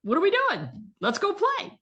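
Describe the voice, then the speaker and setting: A woman voicing an overjoyed, eager pet dog, gushing with excitement. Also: extremely high pitch, moderate pace, lo-fi sound, voice pushed up, heavily acted. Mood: giddy, eager.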